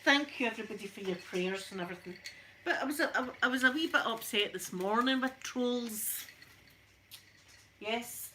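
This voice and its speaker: Scottish woman on a live stream, bright voice, laughs a lot, chats to viewers, slight hiss behind. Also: fairly high pitch, normal speed. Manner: chatty, greets viewers by name, laughs often. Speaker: vlogger. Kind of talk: casual live-stream chat.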